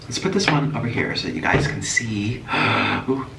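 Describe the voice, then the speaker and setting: A man vlogging as he eats, chatty and animated, breaking off with sudden gasps and exclamations. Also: medium pitch, moderate pace, vocal fry. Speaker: mukbang vlogger. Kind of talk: casual chat while eating. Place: echoey room at home. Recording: echoey room, voice from a distance, faint noise.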